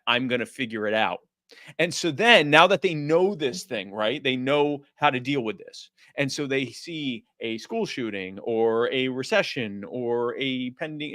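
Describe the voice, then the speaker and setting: A man speaking as a podcast guest in casual interview talk, animated and acting out quoted voices. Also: on the high side, dry recording, studio quality.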